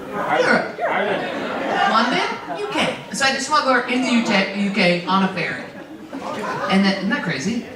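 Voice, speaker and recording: Performing a stand-up set on a comedy club stage, a woman with a medium-pitched voice rambles crudely and does crowd work while the live audience laughs. The sound is roomy and distant, with a loud crowd and background noise.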